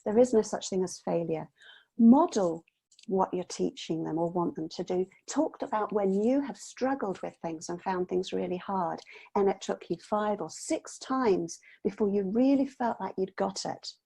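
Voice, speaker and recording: A woman's voice: medium pitch, normal speed, gravelly, mellow, slightly rough. A woman guest explaining mindset strategies to parents in an earnest, explanatory way on a video call. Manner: earnest, explanatory, acts out children's voices. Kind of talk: casual interview chat.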